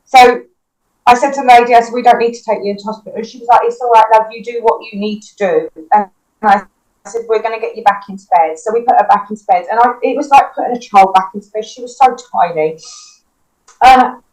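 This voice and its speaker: A woman's voice: a little high, fast, a little mellow, rough recording. A woman, a paramedic, recounting a personal experience in an interview with vivid, emotional retelling and quoted dialogue. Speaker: paramedic guest. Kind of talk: personal storytelling in a podcast interview.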